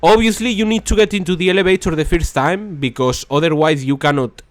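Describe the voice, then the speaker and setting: A man's voice: fairly high pitch, a little fast, no room sound. Rambling young gamer man, dry close mic. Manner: rambling, repeats "boys" and "that's crazy", frustrated asides. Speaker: gaming video host. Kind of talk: casual gameplay commentary.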